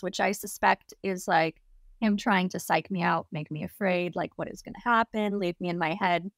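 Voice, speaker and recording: A woman's voice: mid-range voice, no echo, clean studio sound. Chatty young woman telling a wild story. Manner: chatty, heavy use of "like" fillers. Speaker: interview guest. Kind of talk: casual storytelling.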